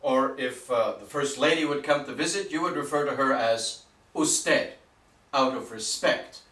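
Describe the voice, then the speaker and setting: Slow, patient man teaching a lesson. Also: mid-range voice, fairly bright tone, reverberant, far from the mic. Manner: patient, deliberate, spells out words. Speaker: Spanish teacher.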